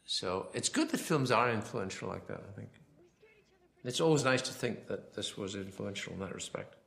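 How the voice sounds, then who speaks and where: A film director giving a rambling commentary, full of anecdotes, often quoting himself and others. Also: male voice, on the low side, lively intonation, normal speed, creaky, a bit bright.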